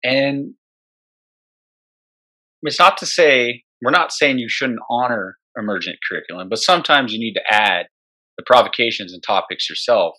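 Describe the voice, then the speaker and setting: A man's voice: medium pitch, lively intonation, normal speed, sharp tone. A man co-hosting an education podcast, speaking directly and emphatically in casual conversation, sometimes bluntly.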